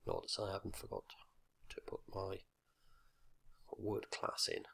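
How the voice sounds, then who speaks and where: Male teacher trainer, husky and unhurried, instructional video. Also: deep voice, expressive, a bit bright. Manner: slow, deliberate explanation with fillers and exaggerated example words.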